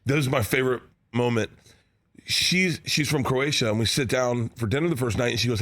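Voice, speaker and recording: A man in his fifties, a comedian guest in a studio, telling animated stories, laughing often and acting out other people's lines. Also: mid-range voice, brisk. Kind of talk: animated storytelling with quoted voices. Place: radio show studio.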